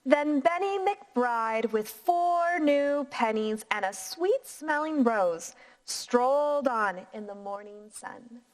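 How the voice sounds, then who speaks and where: A woman teacher reading a picture book aloud to young children in a clear, encouraging voice. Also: a little high, expressive. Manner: slow, clear, encouraging teacher voice with sing-song inflection.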